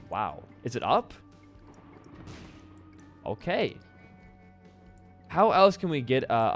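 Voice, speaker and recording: A young man giving casual gameplay commentary, rambling and self-deprecating, swearing often. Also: medium pitch. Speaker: gaming YouTuber. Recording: faint background music.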